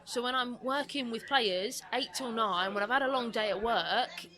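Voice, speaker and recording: A woman with a mixed British accent and a London twang, a slight lisp and a quick, animated way of talking, speaking as a guest coach mentor in a podcast conversation. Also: on the high side.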